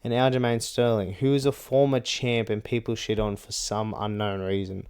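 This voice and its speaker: A man's voice: fairly low pitch, flat delivery, normal speed, a little mellow, smooth. A young man giving casual MMA fight predictions in a blunt, rambling rant full of swearing and "like" and "bro".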